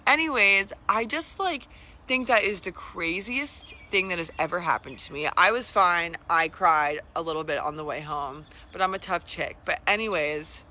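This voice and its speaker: A woman's voice: fairly low pitch, normal speed, sharp tone. A young woman telling a personal story in a chatty, casual way, full of asides and "like". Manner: chatty, lots of "like", dramatic asides. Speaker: vlogger.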